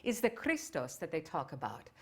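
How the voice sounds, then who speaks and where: A woman's voice: low voice, huge pitch swings, normal speed, fairly bright tone, breathy edge. Enthusiastic woman giving a digressive talk. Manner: enthusiastic, digressive, many fillers. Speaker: theosophy speaker. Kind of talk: informal lecture.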